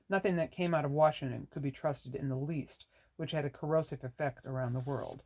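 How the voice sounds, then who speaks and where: A reader narrating a novel in a measured, even way. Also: medium pitch. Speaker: audiobook narrator. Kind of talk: scripted narration.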